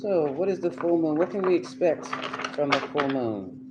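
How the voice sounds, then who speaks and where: A man's voice: a little high, expressive, normal speed, very noisy. A man doing a live tarot reading, chatty and emphatic, talking straight to his viewers. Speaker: tarot reader.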